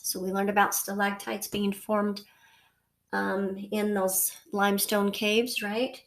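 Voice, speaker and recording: A woman's voice: mid-range voice, fairly even intonation, takes it slowly. Woman, teacher, recorded class lesson, patient, repeats herself, says okay often.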